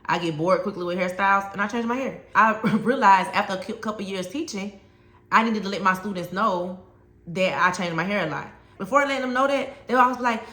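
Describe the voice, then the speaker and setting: A woman who is a former teacher talks other teachers through classroom advice in a bright, forceful voice. She tells stories from her classroom and drives each point home by repeating it. The sound is roomy, with a clear echo around her. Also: mid-range voice, a little fast. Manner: emphatic, storytelling, repeats key points. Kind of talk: conversational advice talk to teachers.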